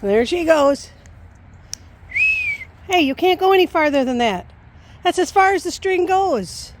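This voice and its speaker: A woman vlogger chats casually to her puppy and parrot on an outdoor walk, recording on a handheld phone. She speaks in a high, sing-song voice, unhurried and with frequent pauses, in coaxing, loving baby talk; there's slight background noise.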